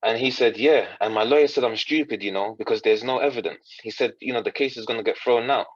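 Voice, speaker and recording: A man's voice: medium pitch, fast, breathy edge, no echo, dull audio. A man, a coach, earnestly recounting a story in conversation, quoting others and often restarting his sentences. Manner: earnest, retells dialogue in quotes with frequent restarts. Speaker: coach, podcast guest.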